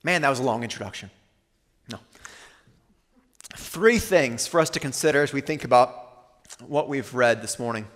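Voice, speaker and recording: A man preaching a sermon as pastor, earnest, slowing and softening on weighty lines. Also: medium pitch, in a large hall.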